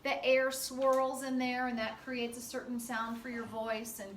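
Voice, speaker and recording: A woman teaching a class in a relaxed, chatty way, full of fillers. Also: fairly high pitch, a little slow, a little hiss or hum. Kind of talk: classroom lecture. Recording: echoey classroom from far off.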